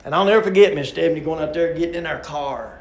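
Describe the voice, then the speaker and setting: A man's voice: fairly high pitch, fast, vocal fry, echoey room. A middle-aged man, preaching a sermon with a repetitive, emphatic cadence and personal stories.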